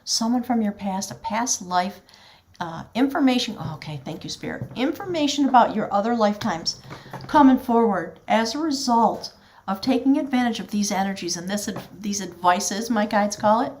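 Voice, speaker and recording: A woman's voice: medium pitch, animated, moderate pace, a little hiss or hum. A woman giving a spiritual tarot reading, speaking earnestly and directly to the viewer in a flowing, heartfelt way. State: choked up with emotion at times. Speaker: tarot reader.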